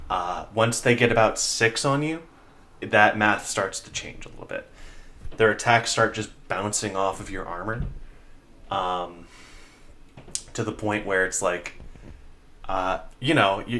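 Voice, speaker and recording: Low, bright-toned male game master. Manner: descriptive, measured narration with many fillers. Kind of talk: narrating a tabletop game.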